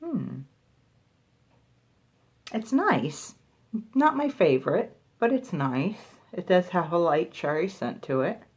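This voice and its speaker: In a product review vlog, a beauty reviewer tries lip balms on camera, chatting casually, thinking aloud and making fun of herself. Her voice sits on the low side with big pitch swings and a darkish, breathy edge, and she speaks slowly with long pauses.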